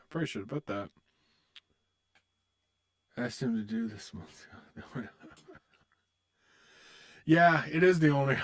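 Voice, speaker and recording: A man streaming online poker, muttering about his hands and chatting with viewers in a loose, joking way. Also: medium pitch. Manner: muttering to himself, swearing, then chatting upbeat with viewers. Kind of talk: casual live-stream commentary.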